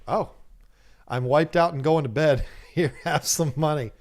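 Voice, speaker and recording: A man's voice: on the high side, lively intonation, normal speed. Chatty man hosting a livestream. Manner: reads viewers' chat comments aloud and jokes with them; laughs often and talks animatedly. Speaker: livestream host of an aquarium channel. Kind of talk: casual livestream chat.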